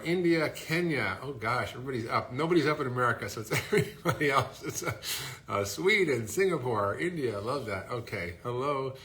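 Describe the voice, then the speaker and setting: A man's voice: medium pitch, sharp tone. A middle-aged man casually chatting on a phone livestream, upbeat and chatty as he greets viewers. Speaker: host.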